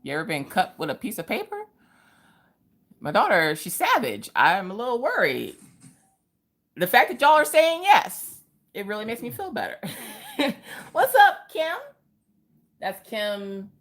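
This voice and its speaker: Animated woman hosting a livestream. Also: medium pitch, unhurried, pauses often. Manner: animated, greets viewers by name with playful exclamations; joking, chatty asides. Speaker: livestream host. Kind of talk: casual livestream chat.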